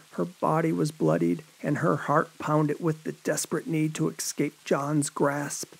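A man's voice: on the high side, creaky, a little mellow, breathy edge. A man narrating a horror story in a dramatic storytelling manner. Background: rain.

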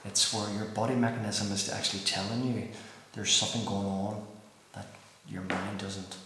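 An Irish man investigating a reported haunting, calling out to spirits and then talking in hushed, excited tones. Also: lowish voice, normal speed. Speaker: paranormal investigator. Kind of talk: ghost-hunt investigation. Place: old building at night. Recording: echoey room, mic from far off, faint noise.

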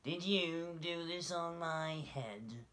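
A squeaky, indignant little mole from a children's storybook, put on by a man reading aloud. He drags out each question slowly and plaintively, pitched far above a normal speaking voice. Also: fairly bright tone. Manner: high, slow, plaintive questioning. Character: short-sighted little male mole, indignant.

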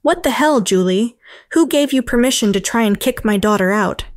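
A woman's voice: medium pitch, fairly quick, no echo, studio quality, close to an everyday voice. Stern dad demanding the truth, firm and fair, voiced by a woman narrator. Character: stern fair-minded middle-aged father. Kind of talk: storytelling narration.

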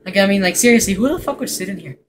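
A man giving let's play commentary on a horror game, excitable and profane, with jumpy reactions. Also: high-pitched, very fast, noisy background. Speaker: gameplay commentator.

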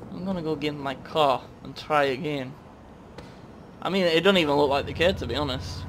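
A young man doing loud, excitable game commentary, often yelling at the screen. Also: a little high, moderate pace, long pauses, slight background noise. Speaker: gaming YouTuber.

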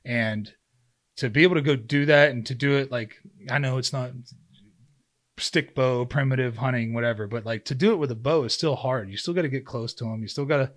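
Speaking briskly in a mid-range voice, this thirty-something podcast guest, an ex-pro footballer turned hunter, spins a story casually. He voices his own past lines and fills his speech with lots of fillers.

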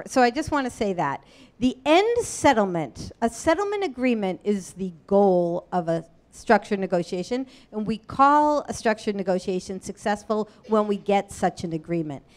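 A woman lawyer giving a talk at a meetup, speaking earnestly and conversationally, with quick asides to the audience. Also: medium pitch. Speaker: disability rights lawyer and speaker. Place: meetup room before an audience.

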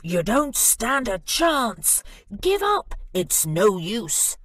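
A woman voicing a greedy, forward-planning male squirrel with loud, insistent hollering in a storybook reading. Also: on the high side, big pitch swings, extremely slow, dry recording, exaggerated voice. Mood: possessive.

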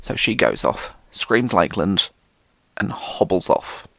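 A man's voice: deep voice, very animated, unhurried, vocal fry, fairly bright tone, no echo. A British man hosting a solo podcast, rambling casually and theatrically, swearing often. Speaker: podcast host.

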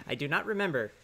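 A man's voice: fairly high pitch, sharp tone, slightly rough. A man cracking wry jokes while co-playing a game on a stream. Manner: joking, wry quips with laughs. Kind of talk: casual game stream chat.

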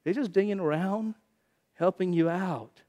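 A male pastor preaches with an animated, high-pitched voice. He swings between loud, pressing bursts and sudden hushed lines, repeating key phrases for emphasis. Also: a little slow. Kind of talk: sermon.

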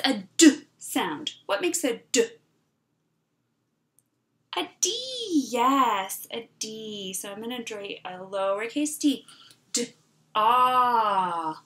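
Slow, lively woman teaching young kids. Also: on the high side. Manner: slow, clearly sounding out words for young children. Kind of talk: online kindergarten writing lesson.

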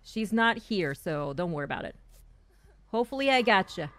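A young woman streamer giving casual, excitable commentary on her own gameplay, chatty and repeating herself as she talks to her teammates. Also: mid-range voice, moderate pace. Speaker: gaming streamer.

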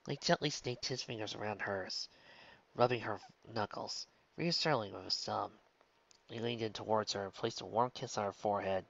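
A man reading a fan fiction story aloud in steady, soft-spoken narration. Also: on the low side, normal speed, vocal fry, dull audio. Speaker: story reader.

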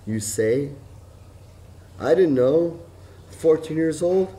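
A middle-aged man, talking in a rambling, profane monologue that jumps from loud outbursts to low mutters. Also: lively intonation, slow pace, long pauses. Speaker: vlogger.

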